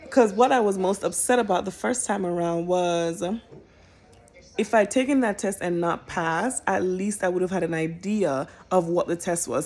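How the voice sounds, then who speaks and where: A woman, a social worker, telling a personal story in an animated, expressive way. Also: lowish voice.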